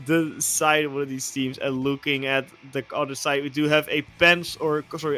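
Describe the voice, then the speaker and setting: A man casting a competitive video game match, with play-by-play commentary that gets loud and energetic during the action. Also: fairly high pitch, normal speed, few pauses, faint music behind. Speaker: esports caster.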